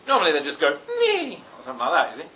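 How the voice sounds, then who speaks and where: A man's voice: a little high, huge pitch swings, very fast, sharp tone, slight background noise, exaggerated voice. A man voicing a bumbling young prince who rambles through weak excuses. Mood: rambling.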